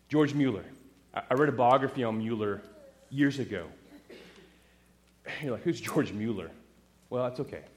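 A man preaching a sermon, animated and talking straight to the congregation with rhetorical questions. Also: mid-range voice. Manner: asks the audience rhetorical questions; animated, talks straight to the crowd.

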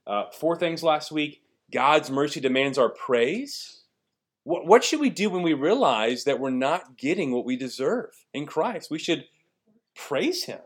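Man preaching a lively Bible lesson. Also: on the high side, unhurried, breathy edge. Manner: lively teaching, asks the listeners questions. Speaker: pastor teaching a Bible study. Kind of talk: sermon.

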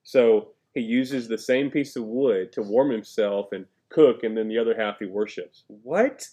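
A man's voice: on the low side, moderate pace, dark tone. A man preaching a conversational sermon, reading scripture aloud with emphasis and asking his listeners questions. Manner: conversational, asks the listeners questions, jokes and laughs. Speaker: pastor.

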